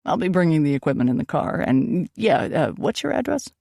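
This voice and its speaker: Woman reading as a playful, teasing young man, eccentric ghost hunter; light gravel in the tone, dry close mic. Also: deep voice, sing-song, brisk, warm tone, no echo, exaggerated voice. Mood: brisk. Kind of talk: audiobook dialogue.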